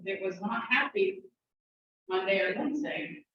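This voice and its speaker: A middle-aged woman teaching a casual language class, chatting, laughing often and slowly repeating words to drill pronunciation. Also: medium pitch, big pitch swings. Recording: roomy, distant, dull, faint hiss.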